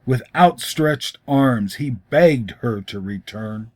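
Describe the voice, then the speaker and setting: A man reading a short story aloud in a measured, expressive way. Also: medium pitch, no room sound. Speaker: story reader. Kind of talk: storybook narration.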